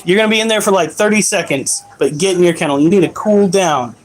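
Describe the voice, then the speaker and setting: A man's voice: high voice, quick pace, slight background noise, rough recording. A man chatting on a casual live stream while caring for his pets, joking, swearing and scolding his dogs. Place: at home with animals.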